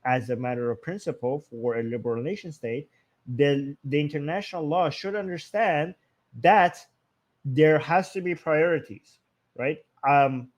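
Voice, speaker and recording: Man co-host, fairly high voice, argumentative and thinking aloud on a live stream. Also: a little slow, lo-fi sound. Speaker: political commentary co-host. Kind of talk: casual live-stream discussion.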